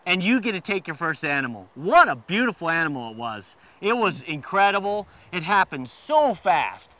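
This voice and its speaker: A man co-hosting a hunting show, telling stories in an animated, excitable way. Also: fairly high pitch, moderate pace. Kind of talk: casual storytelling chat.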